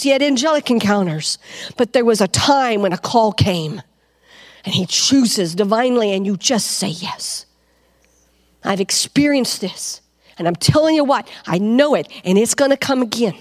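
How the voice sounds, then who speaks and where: A woman preaching a fervent sermon to a congregation, asking them questions and rising to loud cries. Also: medium pitch. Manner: asks the crowd questions.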